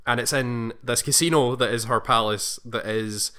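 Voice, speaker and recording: A man's voice: medium pitch, fairly even intonation, moderate pace, bright, forceful tone. A man co-hosting a casual podcast chat, rambling through a long story recap with frequent restarts and acted-out quotes. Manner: rambling, self-correcting, acts out quoted lines. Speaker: podcast co-host.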